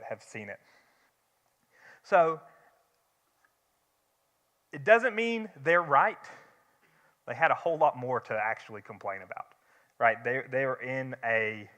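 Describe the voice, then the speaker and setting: Bright-voiced man teaching in church. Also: a little high. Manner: conversational, with frequent restarts and rhetorical questions. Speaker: Bible study teacher. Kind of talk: church Bible study teaching. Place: church hall. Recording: long hall reverb.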